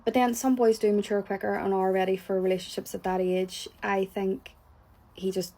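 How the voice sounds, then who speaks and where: Blunt, husky Northern Irish woman. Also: mid-range voice, level tone, moderate pace, mellow. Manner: blunt, opinionated, swears freely. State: hot and sweaty. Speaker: reality TV reviewer. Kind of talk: casual reaction chat.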